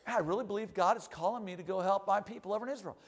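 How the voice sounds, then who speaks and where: A man's voice: high-pitched, very fast, big-room sound. A man voicing an earnest, nervous scribe who talks in an anxious rush.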